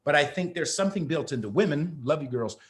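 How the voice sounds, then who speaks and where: Profane, shouting male podcast host. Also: fairly high pitch, animated, fast talker. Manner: profane, emphatic, shouting at times. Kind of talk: ranting podcast talk.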